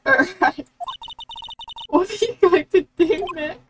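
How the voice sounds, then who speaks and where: A woman's voice: very high voice, animated, takes it slowly, background noise, voice pushed up, heavily acted. A woman voicing a worried young assistant. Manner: worried, pleading. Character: anxious young female assistant. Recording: distant mic with game music.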